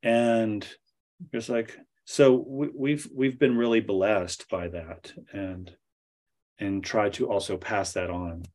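A man's voice: fairly low pitch, slow. A man giving a talk, telling an anecdote and acting out the dialogue. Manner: animated storyteller acting out dialogue. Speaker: speaker at a study center. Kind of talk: storytelling talk with Q&A.

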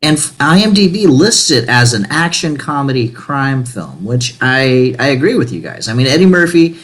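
A man's voice: mid-range voice, big pitch swings, moderate pace, fairly bright tone. A male guest co-host in a casual podcast chat, chiming in briefly and agreeably. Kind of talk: casual chat over a video call.

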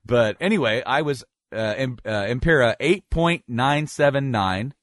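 A man hosting a casual podcast over a call, rambling and correcting himself as he talks, with bursts of excited laughter. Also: mid-range voice, measured pace, no room sound, studio quality. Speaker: podcast host.

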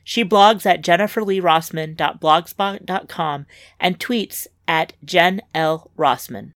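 Slightly low female story reader, wry lively first-person delivery, dry close mic. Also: takes it slowly, no room sound. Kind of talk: scripted fiction narration.

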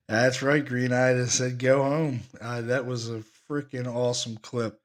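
An enthusiastic man hosts a paranormal podcast. His pitch sits mid-range for a man, and his delivery is lively and repetitive. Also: normal speed. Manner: excited, enthusiastic, repeats himself. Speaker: podcast host, paranormal investigator. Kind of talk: podcast talk about recordings.

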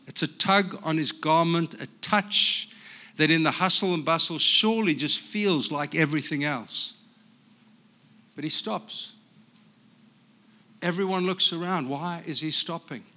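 A man from Africa, a pastor, preaching a sermon in an animated, storytelling way. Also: on the high side.

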